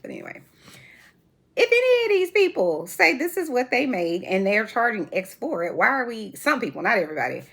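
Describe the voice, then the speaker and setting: A woman in her forties hosting a reality TV commentary chat, sassy and animated, laughing often as she talks. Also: medium pitch, brisk, breathy edge. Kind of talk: casual chat.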